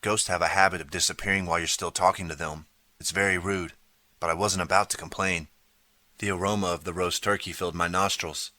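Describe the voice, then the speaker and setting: A man narrating a children's audiobook in the first person, steady storytelling. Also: low voice, a little fast, dry recording.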